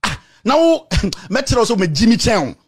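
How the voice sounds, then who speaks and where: A man with a Ghanaian accent delivering an angry, insulting rant to the camera, repeating himself and shouting. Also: high voice, very animated, a little slow, slightly rough. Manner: shouting, insulting, repetitive tirade. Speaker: political commentator.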